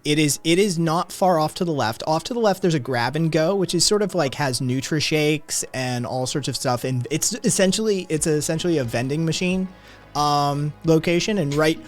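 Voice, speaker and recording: A man narrating a tabletop game as game master, relaxed, with lots of fillers and laughs. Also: a little high.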